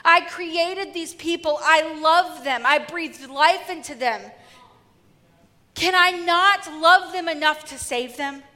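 A woman preacher voicing God as a patient, pitying father, speaking gently and earnestly. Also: very high-pitched, slow, in a large hall, heavily acted. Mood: pleading.

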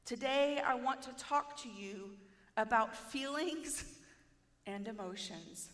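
Animated high-voiced woman preacher. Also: slow pace, in a large hall. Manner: animated, playful, self-mocking. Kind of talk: sermon.

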